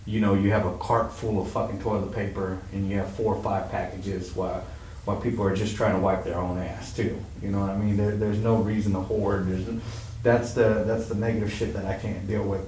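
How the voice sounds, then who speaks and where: A man's voice: lowish voice, level tone, a little fast, a little mellow. A man talking bluntly as a podcast guest, swearing freely in casual chat. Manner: blunt, swears, laughs often. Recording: roomy echo, mic at a distance, faint noise.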